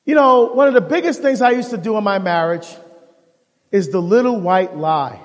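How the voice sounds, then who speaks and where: A deacon giving a live talk on marriage to an audience, telling animated stories and acting out the dialogue. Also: male voice, high voice, moderate pace. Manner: animated storyteller who acts out dialogue. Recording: long hall reverb.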